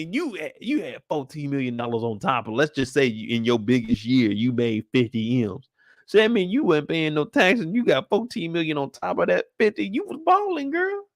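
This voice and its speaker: Slangy joking young man, dry close sound. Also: no echo. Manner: loose and joking, slangy, breaks into high falsetto singing. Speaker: streamer host. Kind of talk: casual live-stream chat.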